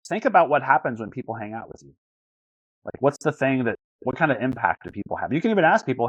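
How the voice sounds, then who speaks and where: A man coaching over a video call in an earnest, searching way, often stumbling and repeating words before landing a thought. His voice sits mid-pitched and sounds dry and close, with no room around it. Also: sing-song, fast, breathy edge, no room sound, muffled recording. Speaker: life coach.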